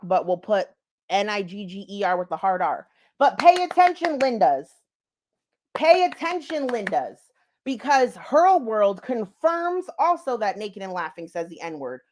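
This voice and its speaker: A woman vlogger giving blunt, profane commentary and talking straight to her viewers. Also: mid-range voice. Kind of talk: casual drama commentary.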